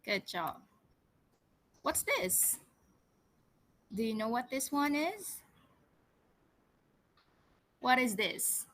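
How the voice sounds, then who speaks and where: A woman teaching English words to children and reading them a story, prompting slowly and repeating each word. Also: a little high, sing-song, a bit bright. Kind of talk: vocabulary lesson and storytelling for children.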